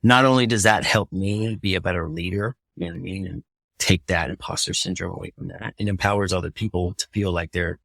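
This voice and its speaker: Casual, profane man with a low voice. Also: fairly even intonation, a little fast, creaky, fairly bright tone, dry recording. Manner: casual and profane, leans on "you know what I mean". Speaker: firefighter and podcast guest. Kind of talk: casual podcast conversation.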